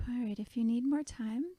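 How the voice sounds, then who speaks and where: A woman leading a guided meditation, speaking softly and gently, often half-whispered. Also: medium pitch, creaky, no room sound.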